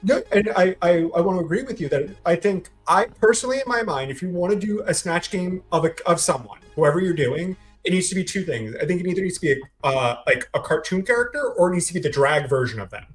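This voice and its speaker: A man's voice: high voice, animated, quick pace, hardly any pauses, soft background music. A man co-hosting a casual podcast, sharing opinions with frequent restarts. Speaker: podcast co-host. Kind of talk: casual chat.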